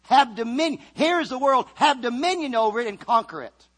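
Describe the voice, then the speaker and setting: A man preaching a sermon, fervent, swinging from loud calls to quiet asides. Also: extremely high pitch, expressive, normal speed.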